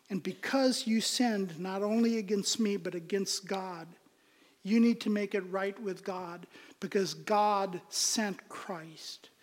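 A man delivers a sermon at a measured, unhurried pace, his tone earnest and his voice sinking to a whisper for emphasis. The long reverb of a church hall trails behind each phrase. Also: sits high. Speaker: pastor.

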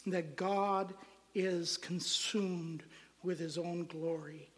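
A man with a high voice preaches slowly and deliberately. His lines fall away into near-whispers, and each word rings on in the long reverb of a church hall. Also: fairly even intonation, a bit bright. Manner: emphatic preaching, phrases trailing off to near-whispers. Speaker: pastor. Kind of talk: sermon.

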